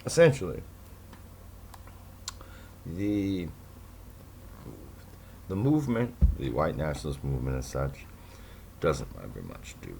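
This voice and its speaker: Man, solo podcast host, deep bass voice with a faint hiss behind it, sarcastic and rambling. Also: very animated, slow pace, gravelly, long pauses, darkish tone. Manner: sarcastic, rambling, with mocking asides. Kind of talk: casual monologue to listeners.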